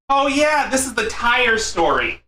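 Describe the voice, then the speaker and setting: A man's voice: extremely high pitch, pushed and bright. A man hosting a live stream commentary, mocking and sarcastic, saying he is losing his voice.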